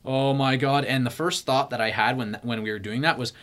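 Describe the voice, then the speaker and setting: A young man telling a story in casual chat, animated and full of "like" fillers, acting out his own panic. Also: medium pitch, fast.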